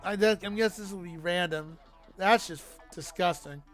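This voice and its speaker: A man's voice: high-pitched, normal speed, a bit bright, soft background music. A man streaming a game, talking casually and playfully, swearing freely and laughing at the jokes. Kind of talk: casual gameplay commentary.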